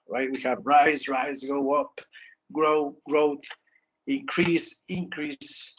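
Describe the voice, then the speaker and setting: Halting teacher, tags "no?". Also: male voice, fairly high pitch, highs cut off. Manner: halting, repeats words, frequent "okay" and "no?" tags. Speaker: English teacher. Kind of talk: online grammar lesson.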